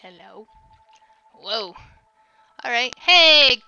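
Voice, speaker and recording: A high, piercingly bright woman's voice commenting on her gameplay, letting out yelps and shrieks when she panics. She drags her words out slowly into a desk microphone. The recording sounds a little dull, with faint game music underneath. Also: animated, smooth. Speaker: streamer playing a video game.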